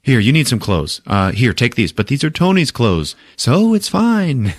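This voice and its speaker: A man voicing an excitable, friendly male thunder god who reassures in quick, profane bursts. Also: medium pitch, no echo, clean studio sound, voice pushed up.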